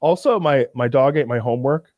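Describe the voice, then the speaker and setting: A man's voice: mid-range voice, brisk, no echo, highs cut off. A man telling a crude comedic story on a video call, rambling with lots of repeated filler words and swearing.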